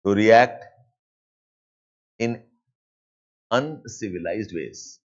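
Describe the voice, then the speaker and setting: A man with an Indian English accent teaching a live online class, dictating points and repeating them slowly, with Hindi asides mixed in. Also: lowish voice, expressive, lo-fi sound. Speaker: lecturer.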